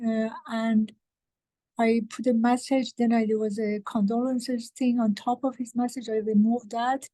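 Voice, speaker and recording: A woman speaking in a casual group meeting, halting and emotional, with many fillers and restarts. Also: a little high, flat delivery, dark tone, dry recording, poor audio. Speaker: meeting participant.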